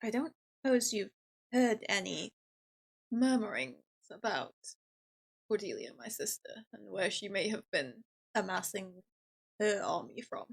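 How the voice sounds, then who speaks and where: A woman's voice: mid-range voice, sing-song, a little slow, creaky, breathy edge. A woman playing in a tabletop game, speaking politely in character. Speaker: player.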